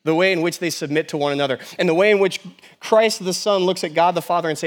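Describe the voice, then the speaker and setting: Middle-aged male pastor, animated sermon, loud then hushed, rhetorical questions. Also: sits high, quick pace. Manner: animated preaching, swings between loud and hushed; asks the congregation many rhetorical questions.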